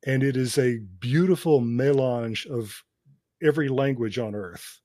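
On a podcast he co-hosts, a cinema professor shares film history in a lecturer's style during casual chat, laughing between points. He speaks at a measured pace in a mellow, medium-pitched voice, recorded dry with clean studio sound.

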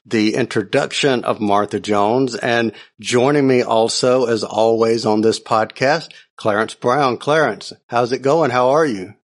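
A man's voice: medium pitch, unhurried, few pauses. Upbeat man hosting a podcast. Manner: friendly, upbeat, enthusiastic. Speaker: podcast host. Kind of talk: casual podcast chat.

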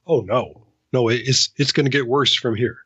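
A man's voice: medium pitch, normal speed, fairly bright tone, breathy edge, no echo, dull audio. A man co-hosting a casual discussion, enthusiastic and stammering at the start of his sentences. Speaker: podcast co-host.

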